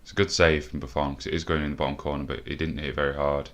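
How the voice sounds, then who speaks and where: Deep-voiced breathless man commentating a game. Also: very fast. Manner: swears a lot, shouts when excited. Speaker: gaming commentator. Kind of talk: live video game commentary.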